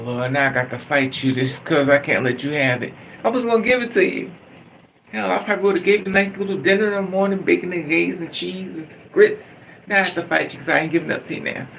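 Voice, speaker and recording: A man's voice: on the high side, fairly bright tone, a little hiss or hum, low-quality recording. A man vlogging in a candid emotional monologue, blunt and profane, venting with bitter humor.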